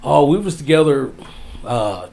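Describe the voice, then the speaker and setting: Gravelly man telling an emotional story. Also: big pitch swings. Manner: emotional, drawn-out storytelling, drops low and soft on sad parts. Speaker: wrestling guest. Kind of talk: storytelling in casual interview.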